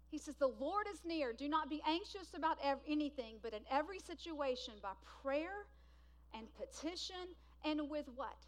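A woman with a high voice preaches a sermon. She swings between loud, emphatic bursts and hushed lines that she draws out slowly for weight.

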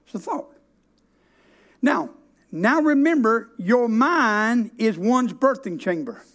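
High-voiced preacher, emphatic. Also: male voice, expressive, a bit bright. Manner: storytelling, emphatic, with dramatic slow stresses. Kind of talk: sermon.

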